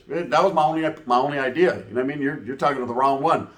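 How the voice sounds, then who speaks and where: A man telling a profane, slang-heavy street story in a comedic, animated way. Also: fairly high pitch, fast, few pauses.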